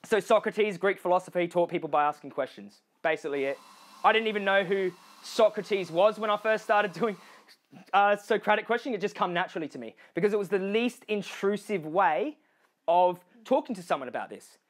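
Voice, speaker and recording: A man's voice: high voice, expressive, a little fast. A man with an Australian accent giving a motivational speech to a crowd. He addresses the listeners directly, often checking in with "okay?" and "you know", and he acts out other people's lines in changed voices.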